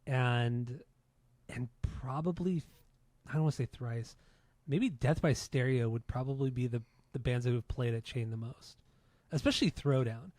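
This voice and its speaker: A man hosting a casual music podcast, talking quickly and chattily with his co-host over a remote link. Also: mid-range voice, a little mellow, dry recording. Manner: fast, chatty intro patter.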